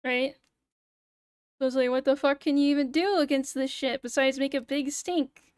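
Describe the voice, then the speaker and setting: A woman's voice: high-pitched, fairly even intonation, normal speed, a little mellow, no room sound. A young woman streamer in casual livestream chat, ranting sarcastically and swearing freely into a close mic. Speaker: VTuber streamer.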